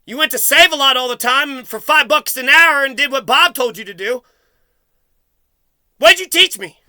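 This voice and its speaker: Angry man confronting someone on camera: high, very bright voice, dry close sound, profane and accusatory. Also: fairly quick, no room sound. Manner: accusatory, swearing, repeating himself. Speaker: vlogger confronting his mother.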